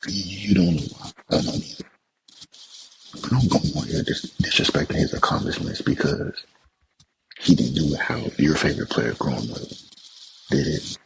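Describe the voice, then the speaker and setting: A young podcast host delivers angry, repetitive sports commentary, swearing when it gets to him. His gravelly bass voice is expressive and moves at a moderate pace, broken by long pauses. The recording is rough, with slight background noise.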